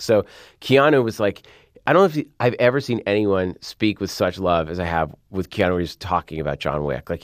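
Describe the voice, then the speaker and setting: A man, a film director, giving an interview and telling lively anecdotes, acting out quotes with sudden loud outbursts. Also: deep voice, no room sound, clean studio sound. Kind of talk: interview, animated storytelling.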